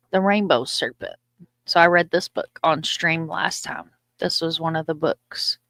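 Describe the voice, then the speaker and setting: A woman's voice: deep voice, gravelly, a bit bright, no room sound, clean studio sound. A middle-aged woman, hosting a casual live stream, reading comments aloud in a chatty, loose and profane way. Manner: chatty, loose and profane, stumbles over words.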